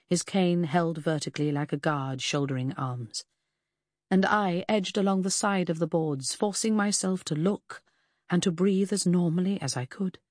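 A woman narrating a novel in the first person, in a measured reading that slows on grim details. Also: low-pitched, darkish tone, dry recording, clean studio sound. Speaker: audiobook narrator.

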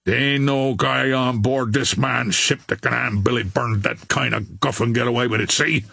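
A man's voice: mid-range voice, fairly even intonation, normal speed, gravelly, sharp tone, slightly rough, no room sound, heavily acted. A man voicing a brutish young male street tough who sneers in tough slang. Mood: menacing.

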